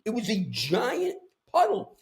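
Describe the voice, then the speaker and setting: Ny guy from brooklyn, high-ish voice, ranting and riffing on a podcast mic, streetwise. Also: measured pace. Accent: New York. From Brooklyn, New York. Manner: animated ranting storyteller, streetwise. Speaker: podcast host. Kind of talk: casual chat. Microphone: podcast microphone.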